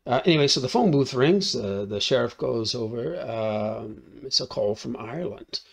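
A man talks through a film's plot in a relaxed, thinking-aloud way, stopping often to ask "right?" and filling gaps with "uh" and "um". His voice sits at an ordinary middle pitch with a noticeable gravelly fry. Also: moderate pace. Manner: recaps the plot with many "right?" tags and "uh" fillers. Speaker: film reviewer. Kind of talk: casual spoken film review.

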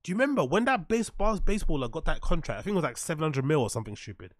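Reacting to podcast clips, a male commentary streamer mocks them sarcastically, swears heavily, and reads out and responds to his chat. He speaks rapid-fire in a slightly high voice with big pitch swings, captured in clean studio sound without any room noise.

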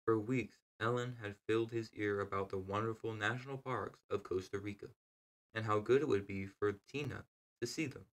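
A man with a low, gravelly voice reads a novel aloud. His narration is steady and measured, taking each sentence at an even pace. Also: rough recording. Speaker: reader.

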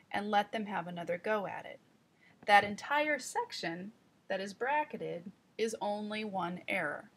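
A woman reading teacher giving calm, step-by-step instructional narration. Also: medium pitch, vocal fry, husky. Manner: calm, explanatory, guiding the listener step by step.

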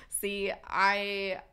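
A woman's voice: medium pitch, pushed and bright, smooth. A woman co-hosting a podcast live stream, chatting casually in a playful, joking way. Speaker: podcast co-host.

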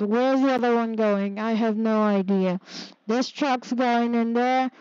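A woman's voice: a little high, steady tone, measured pace, a little mellow, clear, resonant tone, no echo, muffled recording. A woman playing a city-building game, talking to herself casually and getting exasperated when things go wrong. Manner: muttering to herself, easily exasperated. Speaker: gaming streamer. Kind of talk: casual gameplay commentary.

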